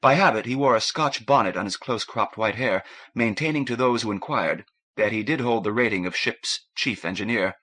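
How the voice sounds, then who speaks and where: A man reading a science fiction novel as an audiobook narrator, measured and even. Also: fairly low pitch. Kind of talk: scripted narration.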